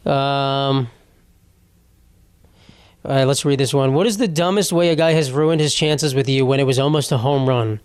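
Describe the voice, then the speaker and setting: A young man hosts a casual solo podcast, reading posts aloud and riffing on them. He rambles, swears freely and laughs through his words, in a voice pitched a bit high. The sound is dry and close, with no room in it. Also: clear, resonant tone, no room sound. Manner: rambling, profane, laughs while talking. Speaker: podcast host.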